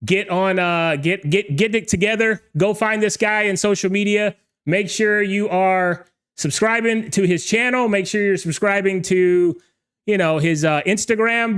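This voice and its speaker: A man hosting a live online show, excited and talkative, shouting greetings to the chat and sometimes stumbling over his words. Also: high voice, smooth. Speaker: livestream show host and DJ. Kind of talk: energetic livestream hosting.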